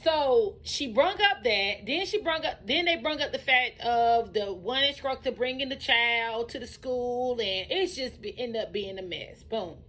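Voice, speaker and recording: A woman who runs a truck driving school tells her own story in a casual, animated way, repeating phrases for emphasis. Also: on the high side, unhurried, hardly any pauses, rough recording.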